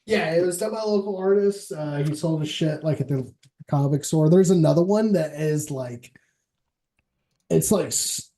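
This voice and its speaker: A man's voice: a little high, moderate pace, mellow. A man hosting a stream, chatting casually in a laid-back way, swearing and laughing often. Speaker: show host.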